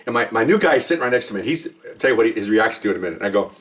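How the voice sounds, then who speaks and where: A man's voice: lowish voice, lively intonation, racing, a bit bright, recorded from a distance. A middle-aged man casually telling a story, acting out both sides of a phone call and laughing often. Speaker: podcast co-host, retired cop.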